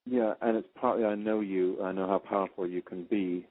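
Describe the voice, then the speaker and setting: A fairly low-voiced man on a thin, phone-like line, asking his coaching teacher questions. He stops and restarts often while finding his words. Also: steady tone. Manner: halting, with many restarts. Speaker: coaching student. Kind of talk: asking questions in a class call.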